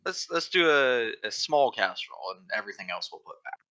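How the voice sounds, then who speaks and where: A man's voice: medium pitch, very animated, fairly quick, sharp tone, slight background noise. A man playing in a tabletop game, blunt and laid back, swearing casually. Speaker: player.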